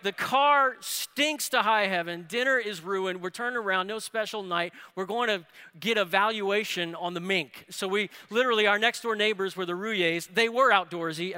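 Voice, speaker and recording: Man, pastor, sermon, bright ringing voice, storytelling, long hall reverb. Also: sits high, clean tone. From New Orleans area. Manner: storytelling with rising excitement.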